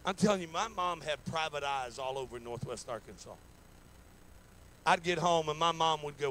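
A man's voice: on the high side, moderate pace, fairly bright tone, slight background noise, low-quality recording. A man preaching a sermon in a folksy, repetitive way, acting out little stories in quoted voices. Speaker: pastor. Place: church sanctuary.

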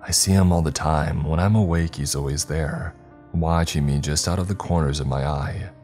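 A man's voice: very deep voice, steady tone, moderate pace, darkish tone, faint music behind. A man voicing a frightened young man who is losing his grip, panicked and pleading, breaking into screams, in a horror story. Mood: fearful. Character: frightened, unraveling young man haunted by a presence.

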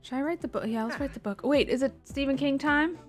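A woman's voice: high-pitched, fast talker, faint music behind. A woman streamer giving casual gameplay commentary, exasperated and swearing, with muttered asides.

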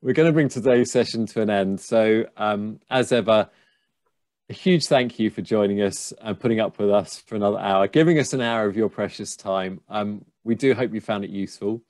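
A man hosting a live writing Q&A over a video call, with a low voice and a dry, close sound. He talks in a relaxed, hesitant way, full of fillers. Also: moderate pace, no room sound. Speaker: host. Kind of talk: live Q&A chat.

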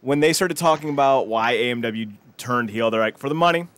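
A man co-hosting a podcast in casual chat, animated and prone to acting out quotes loudly. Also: medium pitch, normal speed, no echo. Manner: animated, acts out quotes with loud outbursts. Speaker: podcast co-host.

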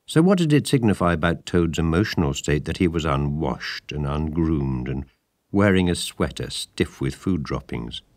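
A man with a very low voice reads a storybook aloud, measured and lively in his telling. The recording is close and dry, with no room sound. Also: no echo. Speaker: audiobook narrator. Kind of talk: scripted storybook narration.

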